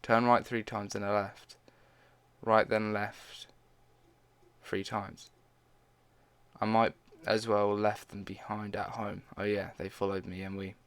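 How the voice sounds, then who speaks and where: A man's voice: on the low side, level tone, takes it slowly, pauses often, clean tone. A man casually reading fan fiction aloud, stumbling now and then and dropping in his own side comments.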